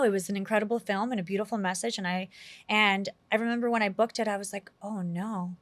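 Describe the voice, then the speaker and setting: Animated woman telling stories in an interview. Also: mid-range voice, no echo. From New York City. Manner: animated, quotes herself often, heavy use of "like". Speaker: actress, interview guest. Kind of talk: casual interview storytelling.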